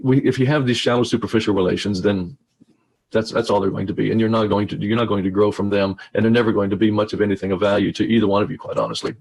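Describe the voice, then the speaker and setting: A man's voice: on the low side, steady tone, quick pace, vocal fry, a little mellow. A man giving a conversational webinar presentation over a video call, often repeating and restarting his words. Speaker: speaker.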